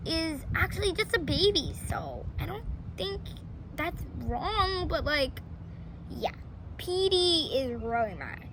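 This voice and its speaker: A woman's voice: sits high, sharp tone, slight background noise, rough recording. A woman casually retelling a storybook plot, chatty and rambling, with many fillers.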